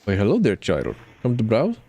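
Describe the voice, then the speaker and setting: A man voicing a mysterious middle-aged fortune teller who drops his articles and speaks in a slow, mystical lilt. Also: on the low side, wildly swooping pitch, mellow, slightly rough, soft background music, full character voice. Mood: sly.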